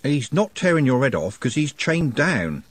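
A man doing a gruff, no-nonsense butler, blunt and matter-of-fact, voice husky and raised. Recorded close and dry. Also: mid-range voice, big pitch swings, moderate pace, no echo, pitched above the performer's own voice.

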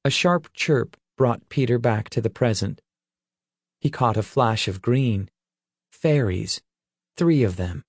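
A male narrator reading a fantasy audiobook in a steady, measured way. His pace is slow and unhurried. The recording is dry and close, with no room sound. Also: on the low side, dry recording.

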